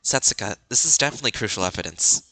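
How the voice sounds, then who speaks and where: Man, let's-play streamer, very bright tone, lively swooping pitch, giggly, dry close mic. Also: very fast, no room sound. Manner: animated, giggly, squeals up high when excited. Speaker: streamer playing a game with friends. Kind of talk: casual let's-play chat.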